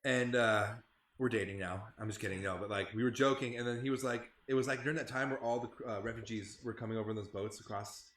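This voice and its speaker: A young man in a band telling a tour story in casual podcast chat, animated and profane. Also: fairly low pitch, fast talker, slight background noise. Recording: roomy echo.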